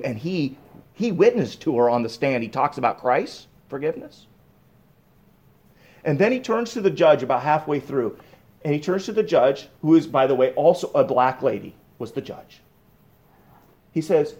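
Male pastor, slightly high voice, emphatic sermon delivery with hushed drops. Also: expressive, normal speed. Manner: emphatic, rising to raised bursts on key points; drops to a low hushed tone for reflection.

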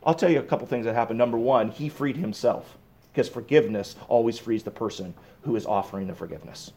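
A man preaching a sermon, swinging from emphatic raised bursts to low, hushed reflection. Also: quick pace. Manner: emphatic, rising to raised bursts on key points. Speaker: pastor.

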